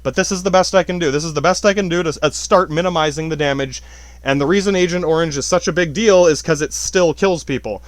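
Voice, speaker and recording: A man's voice: fairly high pitch, fast, no room sound. A man hosting a podcast, talking in a rambling, casual way with many restarts and casual swearing. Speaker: podcast host. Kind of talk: casual spoken commentary.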